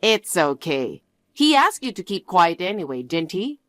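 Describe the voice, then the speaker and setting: Storybook mother: woman playing a quiet, apologetic middle-aged mom, lower and softer, dry mic. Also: sing-song, measured pace, dry recording. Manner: soft and apologetic. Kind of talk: storybook narration.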